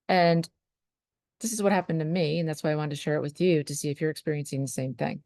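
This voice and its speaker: A woman's voice: low voice, brisk, gravelly, darkish tone, no echo, clean studio sound. A woman, a spiritual life coach, talking earnestly to her viewers about trust and surrender. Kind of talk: motivational talk to camera.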